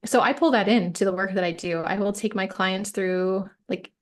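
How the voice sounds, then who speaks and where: A woman's voice: mid-range voice, moderate pace. A woman coach talking as a podcast guest, reflective and emphatic, often checking in with "right?". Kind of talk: casual interview chat.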